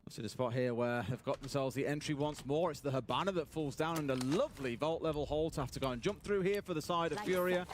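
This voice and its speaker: A man calls an esports match live, breaking down tactics at a quick clip. His voice sits a little high, and clear background noise runs under the broadcast. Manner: brisk, analytical, explaining tactics. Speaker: esports caster. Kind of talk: live play-by-play and analysis. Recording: broadcast audio with noisy background.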